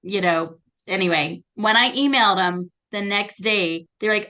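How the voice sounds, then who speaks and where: A woman in a casual group discussion, sharing animated anecdotes about work. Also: medium pitch, moderate pace, few pauses. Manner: animated storyteller. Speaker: notary meetup participant.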